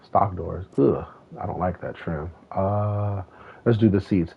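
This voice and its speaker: A man's voice: low-pitched, slow pace, creaky, husky. A man streaming a racing game, chatting casually and telling a rambling story with lots of swearing. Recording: tinny phone-like sound.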